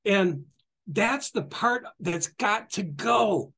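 Speaking very slowly in a gravelly, husky voice that's notably high, a middle-aged spiritual guest speaker gives an impassioned talk. He repeats himself, stays animated, laughs often, and acts out the quotes he recounts.

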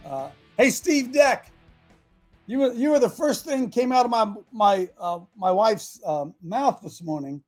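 A man hosting a talk show, rambling and excitable, repeating his phrases and swinging between loud bursts and hushed asides. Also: high voice, a little slow, soft background music. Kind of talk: fiery talk show monologue.

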